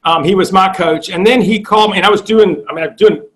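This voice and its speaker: Middle-aged man with a high voice, a blunt and profane sales coach telling a story. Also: quick pace, low-quality recording. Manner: blunt and profane, acts out quoted dialogue. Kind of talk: storytelling interview guest.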